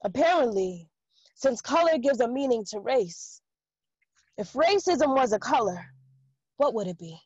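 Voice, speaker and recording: A woman recites spoken word poetry in a high voice, hitting short lines with rhythmic emphasis. The audio is dull and dry, like a video call with no room sound at all. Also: big pitch swings, measured pace, pauses often, a little mellow, husky, dry recording.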